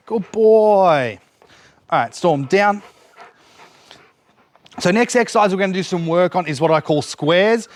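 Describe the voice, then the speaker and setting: A man's voice: fairly high pitch, dry recording. A man demonstrating dog training outdoors, explaining each step while giving his dog short cues and praise. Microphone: camera set up nearby.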